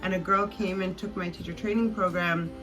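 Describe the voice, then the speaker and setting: A woman's voice: on the low side, fairly even intonation, fairly quick, fairly bright tone, faint music behind, rough recording. A woman hosting a podcast, telling rambling stories in casual chat with lots of fillers. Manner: rambling, chatty storytelling with many fillers. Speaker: podcast host. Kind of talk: casual conversation.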